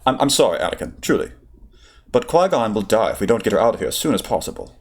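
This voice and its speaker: A weary wounded general, voiced by a man reading aloud, wry even when things fall apart. The voice sits a little low and sounds tired but dryly amused. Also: fast. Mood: urgent.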